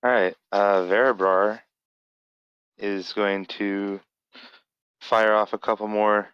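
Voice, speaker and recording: A man's voice: fairly low pitch, little pitch movement, takes it slowly, clean tone, dry recording, lo-fi sound. A man playing a tabletop role-playing game over voice chat, laid-back and jokey. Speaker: player. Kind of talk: casual tabletop game talk. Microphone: voice chat mic.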